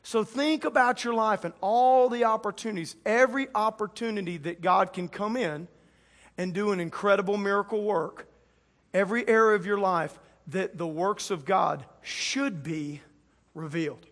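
A man preaching a lively sermon to a church audience, joking and acting out quotes in a playful way. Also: high voice, moderate pace. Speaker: pastor.

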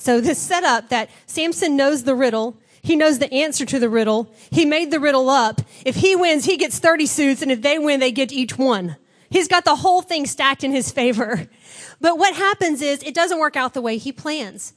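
A woman preacher giving a chatty, conversational sermon, retelling a story with lively acted-out quotes. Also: high-pitched, moderate pace.

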